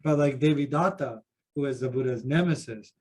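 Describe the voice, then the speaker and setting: A man's voice: medium pitch, fairly quick, a little mellow. A man who teaches Buddhism, sharing anecdotes with self-deprecating humor in a group discussion at a seminar.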